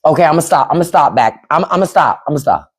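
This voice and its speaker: Woman, livestream host, African American English, lowish voice, very lively intonation, profane comedic riffing. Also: quick pace, husky. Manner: animated, profane, acts out quoted voices. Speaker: podcast host. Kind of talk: casual comedic commentary on a livestream. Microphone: phone or desk mic on a livestream.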